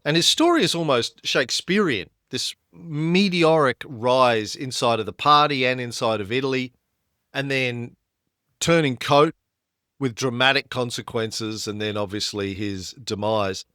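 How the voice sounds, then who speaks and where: A man's voice: mid-range voice, a little slow, pushed and bright, no room sound, clean studio sound. A man co-hosting a history podcast, explaining events with frequent fillers and restarts. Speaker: podcast co-host.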